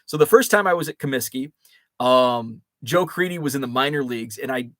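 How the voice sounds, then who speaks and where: A man's voice: mid-range voice, expressive, brisk, fairly bright tone, no room sound. A man, hosting a casual live chat and reading viewer comments with many fillers and restarts. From Chicago area. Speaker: host.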